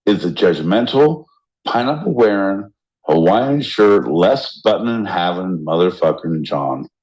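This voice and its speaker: A man co-hosting a podcast in casual banter, rowdy and joking, often jumping into loud mock voices. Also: low-pitched, animated, unhurried, highs cut off. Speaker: podcast co-host.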